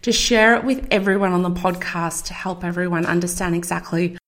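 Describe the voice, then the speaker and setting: A woman's voice: fairly low pitch, fairly quick, a bit bright. A middle-aged woman hosting her own podcast, talking casually and enthusiastically as a marketing coach. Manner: upbeat, chatty, enthusiastic. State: out of breath. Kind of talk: casual solo podcast talk.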